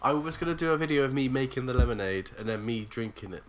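A man's voice: medium pitch, lively intonation, fast. An English man co-hosting a podcast, chatting casually and joking, laughing often. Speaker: podcast co-host. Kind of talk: casual chat.

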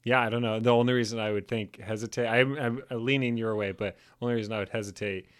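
A man's voice: medium pitch, steady tone, fast. A man co-hosting a casual podcast chat, laid-back and joking, with self-mocking asides. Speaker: podcast co-host.

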